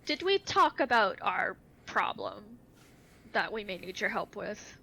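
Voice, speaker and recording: A woman's voice: mid-range voice, big pitch swings, measured pace, creaky, pushed and bright, low-quality recording. A woman taking part as a player in a tabletop role-playing game, speaking in a matter-of-fact way.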